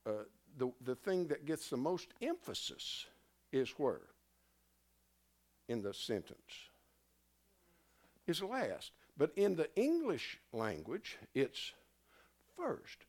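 A man teaching a Bible class in a loose, conversational way, often stopping to quiz his listeners and restarting his sentences. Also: medium pitch. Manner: animated, self-interrupting, asks the class questions.

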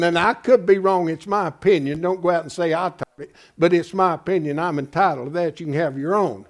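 A man's voice: high-pitched, animated, normal speed. A man preaching a Bible-study sermon, emphatic and folksy, often asking his congregation rhetorical questions. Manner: folksy, calls listeners "folks".

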